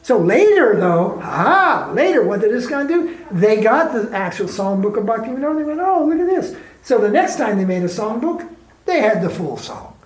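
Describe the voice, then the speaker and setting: A man with a high, somewhat mellow voice, interviewed as a spiritual teacher, relates stories in a candid, colloquial manner and fires off emphatic rhetorical questions. The recording has a roomy echo.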